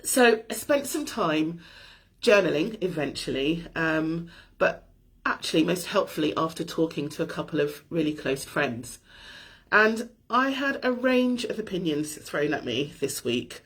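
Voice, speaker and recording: A woman's voice: deep voice, big pitch swings, measured pace, breathy edge. A middle-aged woman hosting a weekly live show, talking candidly and thoughtfully about her week with light self-deprecating laughs. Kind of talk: candid personal reflection.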